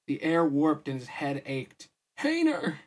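A man's voice: mid-range voice, normal speed. Tired man reading a story aloud. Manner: casual, weary asides. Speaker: podcast host reading a novel. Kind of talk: audiobook-style story reading.

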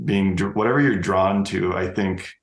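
A man's voice: sits low, normal speed, echoey room. A man who is a scientist speaking casually on a panel discussion, hesitant, with fillers.

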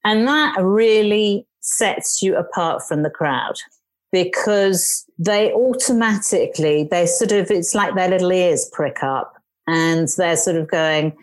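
Emphatic English woman, lower-pitched. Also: takes it slowly. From England. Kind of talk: casual podcast conversation.

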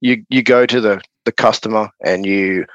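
A man's voice: on the low side, moderate pace, no echo, dull audio. A man with an Australian accent, a guest explaining his engineering job in a casual podcast chat, with plenty of fillers. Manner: relaxed, explanatory, with many fillers. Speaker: guest, broadcast technology architect.

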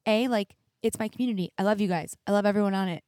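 A woman's voice: medium pitch, quick pace, a little mellow, no echo, clean studio sound. A young woman hosting her own podcast, talking candidly and reflectively, teary at times, with many "like"s. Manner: candid, reflective, heavy use of "like". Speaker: podcast host. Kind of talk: emotional solo podcast monologue. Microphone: studio mic with headphones.

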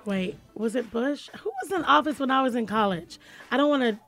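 A woman's voice: a little high, brisk, fairly bright tone, faint music behind. A woman hosting a radio talk show in a studio, chatting in a playful, teasing way. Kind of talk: casual radio chat.

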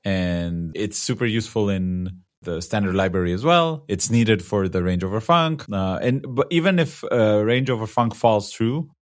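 Low-voiced man co-hosting a casual podcast. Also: animated, moderate pace, hardly any pauses. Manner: conversational, opinionated, laughs easily. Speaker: podcast co-host. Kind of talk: casual tech podcast chat.

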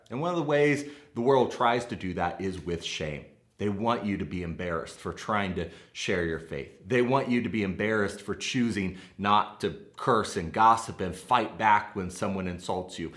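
A man with a Midwestern American accent preaching a sermon, earnest and measured, slowing down to stress key phrases. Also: medium pitch, echoey room. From Midwestern United States. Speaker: pastor.

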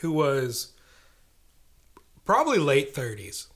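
Young male co-host, wry storyteller, casual banter, average pitch. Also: wildly swooping pitch, takes it slowly, fairly bright tone. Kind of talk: casual chat.

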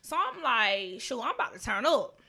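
A woman co-host spins a funny story in a casual podcast chat. Her voice sits a little high and sounds bright and sharp. She tells it in an animated, profane rush, laughing often. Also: moderate pace, vocal fry.

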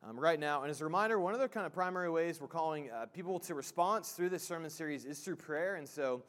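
A man's voice: a little high, fast, a bit bright. A man preaching a sermon as pastor in a church, casual and joking, with many fillers and restarts. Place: church sanctuary.

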